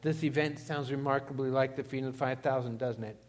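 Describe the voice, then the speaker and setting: A man's voice: medium pitch, steady tone, fairly quick, long reverb tail. A man preaching a sermon, emphatic and putting questions to the congregation. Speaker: pastor.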